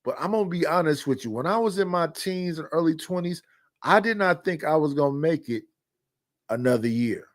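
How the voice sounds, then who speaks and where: A man in his fifties with a somewhat high voice tells personal stories on a podcast. He speaks bluntly and candidly, circling back through repeated phrases as he makes his point. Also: lively intonation, a little fast. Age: 50s. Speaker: podcast host. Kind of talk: casual storytelling chat.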